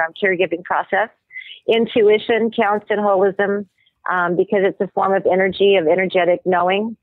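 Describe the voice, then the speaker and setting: A woman, a medical anthropologist guest, explaining ideas and telling stories in a measured way with thoughtful pauses. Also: medium pitch, no room sound. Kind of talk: explanatory interview talk. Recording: tinny phone-line audio.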